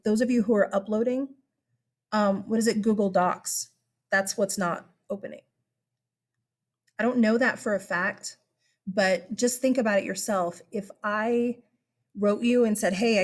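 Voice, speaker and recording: A woman teacher walks her students through an online class in a relaxed, chatty way, with plenty of fillers and an upbeat tone. Her voice sits a little high. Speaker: high school history teacher. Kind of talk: casual online class instruction.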